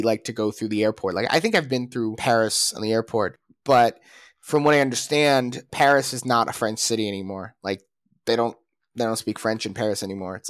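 A man's voice: medium pitch, a bit bright, no echo. Rambling man in a dry podcast chat. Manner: rambling, restarts and hesitant fillers. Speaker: podcast co-host. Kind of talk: casual opinionated chat.

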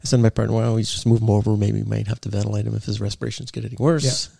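A man with a gravelly, rough-edged voice, recorded dry and close with no room sound. He speaks in a measured, agreeable way, checking in with the listener as he tells his own work story. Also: fairly low pitch, level tone, warm tone, dry recording. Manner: agreeable, measured, ends remarks with "right?". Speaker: podcast host and paramedic. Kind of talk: casual conversation.

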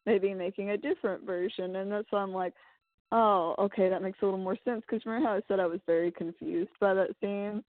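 A woman in casual chat, working through a theory out loud and hedging as she goes. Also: mid-range voice, no echo. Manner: thinking aloud, hedging theories. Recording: dry phone-like audio.

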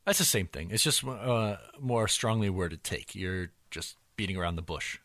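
Low-voiced guy hosting a sports podcast, teasing and chill, dry close sound. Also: expressive, moderate pace, fairly bright tone, no echo. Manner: teasing, laid-back, leads segments. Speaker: podcast host. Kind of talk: casual sports podcast chat.

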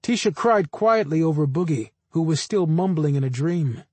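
A man reading a story aloud as an audiobook narrator, in measured, unhurried scripted narration. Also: on the high side, animated, darkish tone, slightly rough, dry recording.

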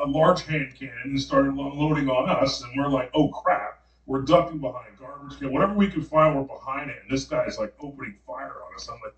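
A man telling a long, animated story in casual slang, full of fillers, on a podcast. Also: on the high side, dull audio. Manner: animated, slangy dream retelling with many fillers. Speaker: podcast guest. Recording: roomy, distant mic.

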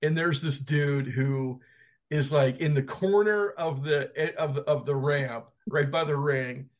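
A man co-hosting a wrestling podcast, telling stories in an animated way and laughing often. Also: on the high side, slow. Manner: animated, laughing, emphatic storyteller. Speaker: podcast co-host. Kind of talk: casual chat.

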